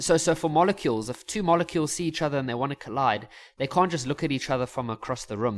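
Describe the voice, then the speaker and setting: A man teaching a science lesson in a casual, joking and self-mocking way, chatty and full of restarts. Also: mid-range voice.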